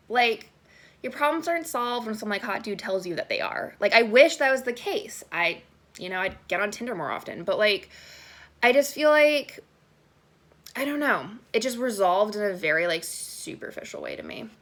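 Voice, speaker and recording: A young woman rants about a book series in a loose, sarcastic vlog voice, with "like" scattered through every sentence. Her pitch swings all over the place and her tone is bright and forceful. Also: moderate pace. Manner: animated and sarcastic, heavy use of "like". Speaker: book vlogger. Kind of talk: casual ranting book review.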